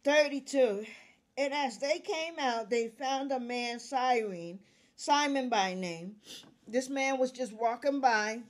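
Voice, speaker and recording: A woman reading scripture aloud verse by verse, calling out verse numbers and restating each passage in plain words, with pauses where she coughs. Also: fairly high pitch. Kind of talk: Bible reading with commentary.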